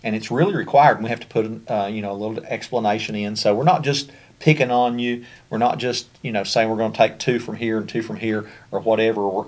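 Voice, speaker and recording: Low-voiced Kentucky man giving a conversational training talk. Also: fairly even intonation, quick pace, few pauses. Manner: conversational, many fillers and restarts. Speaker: special education trainer. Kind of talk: training presentation over slides.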